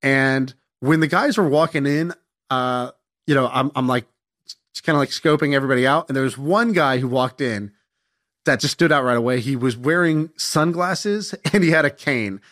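A young man tells a casual story with animated, self-mocking energy. His voice sits in an ordinary middle pitch, and he swears freely as the anecdote rolls on. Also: moderate pace.

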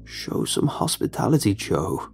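A man voicing a creepy, gaunt male sun creature with metal lips. He speaks in a slow, drawn-out, sinister croak. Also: fairly low pitch, big pitch swings, soft background music. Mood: menacing.

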